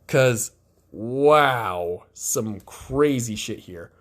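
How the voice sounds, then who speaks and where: A man's voice: medium pitch, lively intonation, extremely slow, fairly bright tone. A male podcast host giving sarcastic, profane political commentary.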